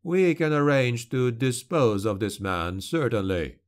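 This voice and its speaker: A man voicing a calm, sinister male shadow creature for an audiobook, hissing and slow. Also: mid-range voice, natural voice. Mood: cold menace.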